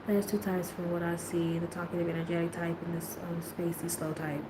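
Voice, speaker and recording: A woman talking casually, rambling in slang, laughing often and jumping into high squeals when she quotes herself. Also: level tone, a little fast. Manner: slang-heavy, rambling, trailing off quietly. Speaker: host. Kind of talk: casual chat. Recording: echoey room with faint ambient noise.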